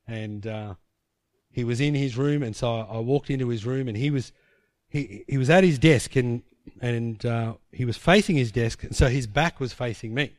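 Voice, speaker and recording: A man preaches a sermon, turning a personal story into lively scenes and often restarting his sentences. His voice sits at an ordinary middle pitch. The sound is dry and close, with no room echo. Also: moderate pace. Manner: animated, tells the story in vivid scenes with many restarts.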